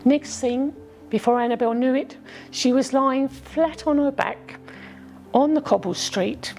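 A woman narrating a children's storybook in an expressive, gently dramatic way. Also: fairly high pitch, a little slow, faint music behind, rough recording.

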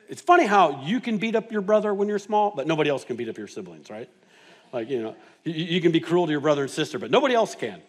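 A male pastor delivering a sermon in a church, his voice sitting noticeably high for a man. He drops to near-hushed phrases, then builds to loud, emphatic declarations. He leans on storytelling and self-deprecating humor. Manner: dynamic preaching, swings from hushed to loud and emphatic; humorous, self-mocking asides. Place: church sanctuary.

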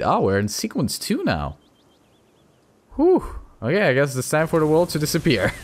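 A man's voice: mid-range voice, huge pitch swings, moderate pace, slight background noise. A young man with a Russian accent giving profane, mocking let's-play commentary. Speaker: gaming channel host.

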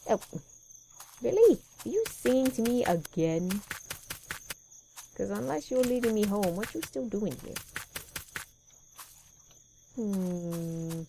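A woman's voice: on the high side, lively intonation, normal speed, vocal fry, mellow, a little hiss or hum. A young woman commentating a horror game as she plays, sweary, sarcastic and jumpy. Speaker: let's play gamer.

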